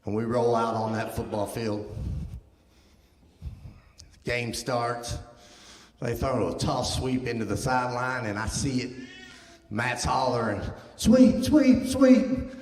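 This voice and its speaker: Guest preacher, man in his fifties, animated storyteller who acts out his quotes, in a reverberant sanctuary. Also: mid-range voice, slow, long pauses. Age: 50s. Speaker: guest speaker. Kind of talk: sermon testimony storytelling. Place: church sanctuary. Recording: echoey church hall.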